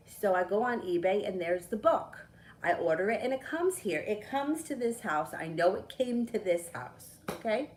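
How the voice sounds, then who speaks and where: A middle-aged woman, a tarot reader chatting casually on a live stream, telling a story with lively, swearing asides. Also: lowish voice, normal speed, a little hiss or hum, poor audio.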